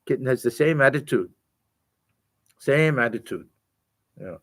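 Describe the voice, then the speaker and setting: A man teaching a spiritual scripture class in a gentle, halting way with many restarts. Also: mid-range voice, lively intonation. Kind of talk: spiritual lecture.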